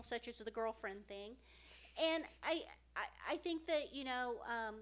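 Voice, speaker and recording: On a casual podcast, a middle-aged woman co-hosting in a rather high voice talks with real feeling. She keeps stopping and starting over, with soft fillers smoothing the pauses.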